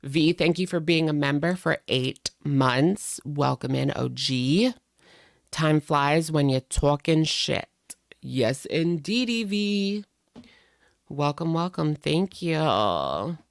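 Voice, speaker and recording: A woman's voice: low-pitched, takes it slowly, gravelly, dry recording. Chatty woman streamer, dry close sound. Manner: rambling, chatty, greets viewers by name. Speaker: live stream host. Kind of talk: casual live stream chat.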